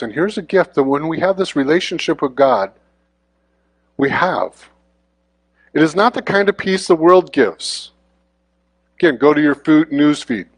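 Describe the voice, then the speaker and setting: A man preaching in a relaxed, conversational way, tossing quick questions to the congregation as he goes. His voice sits at an ordinary middle pitch for a man. It is recorded close up and dry, with almost no room sound. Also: no echo. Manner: informal, often checks in with the congregation. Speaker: guest preacher. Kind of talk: conversational sermon.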